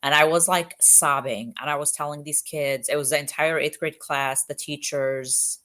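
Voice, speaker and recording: Speaking with fairly even intonation and a sharp tone, a female police officer from Egypt has an unusually low voice. She recounts stories earnestly and emphatically in a candid interview, with fast bursts and lots of fillers.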